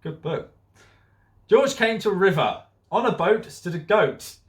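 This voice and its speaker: A man's voice: high voice, lively intonation, a little slow. Giggly man reading a children's story. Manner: giggly, keeps breaking into laughter. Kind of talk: storybook read-aloud.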